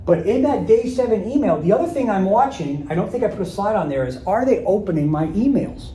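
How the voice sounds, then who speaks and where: This man, a sales trainer leading a live workshop, speaks fairly quickly in a high-pitched, mellow, expressive voice. He keeps things casual and acts out sample calls and emails. The poor audio is roomy and carries a little hiss or hum.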